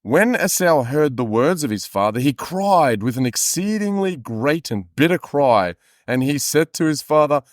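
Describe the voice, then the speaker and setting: A man's voice: fairly high pitch, big pitch swings, moderate pace, no echo, clean studio sound. A man co-hosting a podcast, reading scripture aloud between casual chat, laughing often and swearing irreverently.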